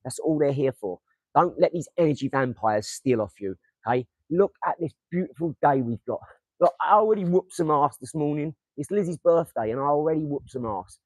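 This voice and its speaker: A man's voice: a little high, lively intonation, brisk, a little mellow, no echo, rough recording. A young man with an Essex accent chatting to viewers on a casual livestream, rambling, swearing and throwing darts as he talks. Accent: Essex English. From England. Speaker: livestream host. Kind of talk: casual motivational livestream chat.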